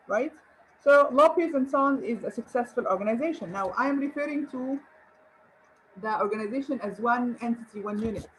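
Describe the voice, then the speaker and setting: Woman english tutor, kinda high voice, cheery praise, little hiss in the back. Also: low-quality recording. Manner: encouraging, rhetorical questions and praise. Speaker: English teacher. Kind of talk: online grammar lesson.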